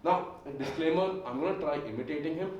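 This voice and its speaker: A man's voice: on the high side, fast talker, darkish tone, muffled recording, a little hiss or hum. A sick young man doing stand-up comedy in a rambling, filler-heavy way. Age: young adult. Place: comedy club stage, indoors. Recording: echoey room heard from far off.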